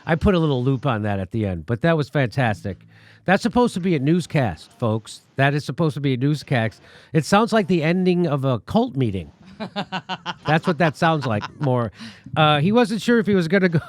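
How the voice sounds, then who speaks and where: A male show host delivers political commentary with animated, mocking energy and frequent swearing. His voice sits a little high for a man. The sound is dry and close, with no room echo. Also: normal speed.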